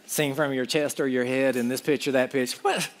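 A man's voice: medium pitch, flat delivery, fairly quick, long reverb tail. A man preaching a sermon with impassioned, pleading delivery and conversational asides.

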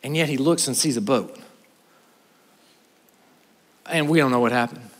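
A male pastor preaching a sermon, telling the story with animation and swinging from loud passages to hushed ones. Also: mid-range voice, moderate pace. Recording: reverberant hall.

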